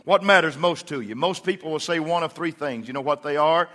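A middle-aged man delivers a sermon in a church, weaving folksy stories into his preaching. His voice sits a little high and has a bright, forceful edge. A long reverb from the hall trails behind every phrase. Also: fairly quick. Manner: folksy storytelling with acted-out quotes. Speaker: pastor.

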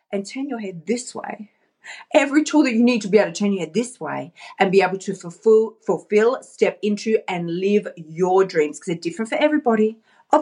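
A woman coach speaks into her phone in a casual motivational chat. Her voice sits a little high, and her delivery is animated and chatty, with frequent laughs. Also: breathy edge. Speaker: life coach. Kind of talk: casual motivational talk to camera. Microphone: talking into her phone.

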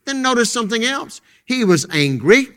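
A man preaching a fervent sermon from a church pulpit, moving between loud, emphatic declarations and hushed, intense passages, with a lot of repetition. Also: extremely high pitch, big pitch swings, moderate pace, smooth. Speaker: pastor.

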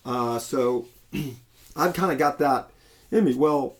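A man's voice: medium pitch, slow. A man preaching a sermon in a conversational way, with frequent restarts and fillers.

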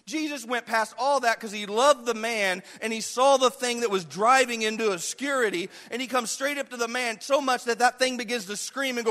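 High, bright-voiced impassioned preacher man. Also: brisk, hardly any pauses, big-room sound. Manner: impassioned, acts out voices of the people in the story. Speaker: pastor. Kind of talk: sermon.

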